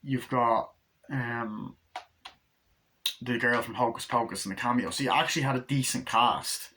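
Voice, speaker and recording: A young man with a bright, forceful voice reviews a film in loose, casual talk. He rambles from point to point and swears freely. His pitch sits in an ordinary middle range. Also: normal speed, low-quality recording. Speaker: movie reviewer.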